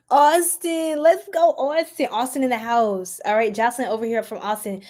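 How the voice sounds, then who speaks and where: A woman's voice: fairly high pitch, fairly even intonation, measured pace. Playful laughing woman on a live stream. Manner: playful, laughs often, chats with the chat, exclaims loudly. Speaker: tarot reader streaming live. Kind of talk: casual live-stream chat with viewers.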